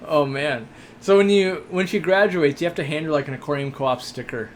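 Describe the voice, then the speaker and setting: A man's voice: on the high side, fairly quick, a little hiss or hum. A young man hosting a casual live stream, reading viewer questions aloud and answering with jokes and lots of fillers. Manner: chatty, joking, rambling with many fillers. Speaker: host of an aquarium shop live stream.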